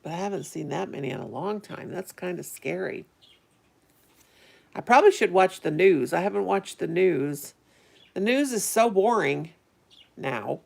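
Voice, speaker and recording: A woman's voice: on the low side, creaky. A middle-aged woman, rambling casually to her live-stream viewers and answering their chat. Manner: rambling, chatty, talks to viewers. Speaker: vlogger reading live chat.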